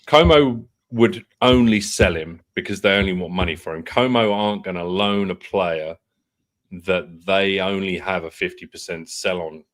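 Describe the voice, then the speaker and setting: Male co-host, lower pitch, measured delivery, easy banter. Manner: measured, laughs and swears in banter. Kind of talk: casual football chat.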